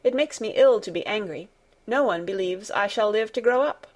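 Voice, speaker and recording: A woman's voice: mid-range voice, lively intonation, normal speed, darkish tone, close to an everyday voice. A woman reading as a languid, spoiled sickly boy. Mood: indifferent. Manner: indifferent, commanding. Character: sickly spoiled ten-year-old boy, languid and imperious. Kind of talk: audiobook character reading.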